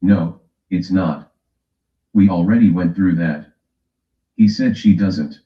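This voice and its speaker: A man's voice: sits low, slow, mellow. A man from the West Coast of the US hosting a casual livestream, teasing his chat and reading a timer aloud. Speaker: livestream host. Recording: echoey room, dull lo-fi sound.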